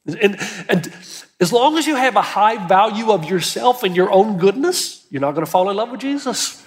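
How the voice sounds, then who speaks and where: A man's voice: sits high, animated, moderate pace, in a large hall. A man preaching a sermon as pastor, earnest and emphatic, with urgency that builds as he presses his points.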